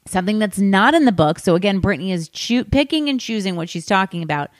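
A woman hosting a podcast, chatting casually and gossipily about a book, with animated asides to her listeners. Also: medium pitch, quick pace, no echo, clean studio sound. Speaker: podcast host. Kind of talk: casual book-discussion chat.

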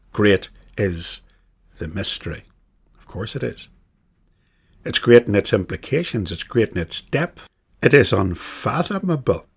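Gravelly low-voiced man teaching scripture. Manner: measured, emphatic, uses repetition for stress. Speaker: catechism teacher. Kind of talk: bible teaching lesson.

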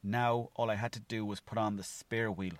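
A man's voice: lowish voice, fairly even intonation, moderate pace, no room sound. A young Irish man from Mayo rambling through a solo podcast story, swearing freely and acting out his own thoughts. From Ireland. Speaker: podcast host.

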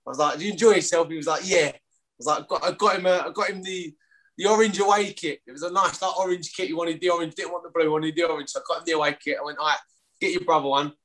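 A London man in his thirties, a rugby player appearing as a guest, chats casually in a fairly high, slightly bright voice with fairly even intonation. He talks at a racing pace, rambling with stumbling restarts and the odd swear word.

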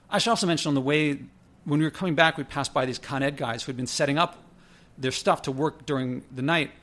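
A man casually telling a personal story, conversational with frequent fillers and self-corrections. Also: fast talker. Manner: lively, pitch jumps when quoting others. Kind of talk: casual spoken anecdote.

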